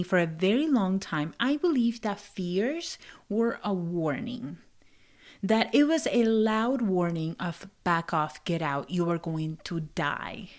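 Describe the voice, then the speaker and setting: A woman's voice: on the high side, a little mellow. A woman hosting a podcast in a casual monologue, speaking English as a second language with an accent, laughing and sometimes dropping to a whisper for emphasis. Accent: non-native English accent. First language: not English. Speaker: podcast host and life coach.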